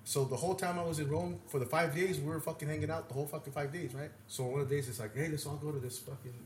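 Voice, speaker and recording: A man co-hosting a podcast, telling stories in a rambling, profane and animated way. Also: a little high, racing. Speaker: podcast co-host. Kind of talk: casual storytelling chat. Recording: echoey room with faint noise.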